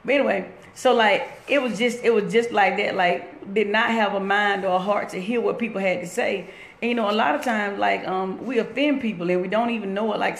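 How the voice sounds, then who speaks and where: Woman with vocal fry live-streaming from work. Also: medium pitch. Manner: rambling, loose and conversational, breaks off to greet viewers. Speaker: inspirational speaker on a live stream. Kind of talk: casual motivational live-stream talk. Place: indoors at her workplace. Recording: echoey room with faint background noise.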